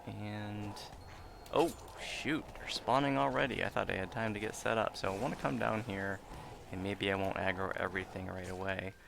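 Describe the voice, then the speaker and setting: A man's voice: fairly low pitch, normal speed, creaky. A man casually narrating his own moves in let's play commentary. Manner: casual, chatty, self-narrating. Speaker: gaming video creator. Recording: steady background noise.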